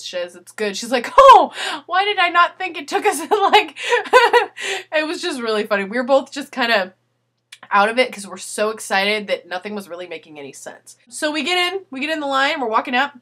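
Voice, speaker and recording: A young woman telling a story in a casual video letter, animated and swearing, acting out what people said. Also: on the high side. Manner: animated, swearing, acts out quotes.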